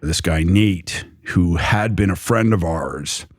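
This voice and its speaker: Deep-voiced man telling his story. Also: slow pace, dry recording, studio quality. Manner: loose, rambling with many fillers. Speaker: storyteller recounting his past. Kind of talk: personal story in conversation.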